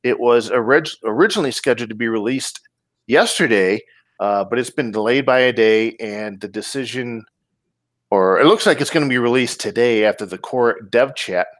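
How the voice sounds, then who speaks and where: A man hosting a casual tech podcast, talking in a relaxed way with many ums and restarts. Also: mid-range voice, moderate pace, dry recording. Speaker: podcast host. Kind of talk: casual podcast chat, reading listener comments.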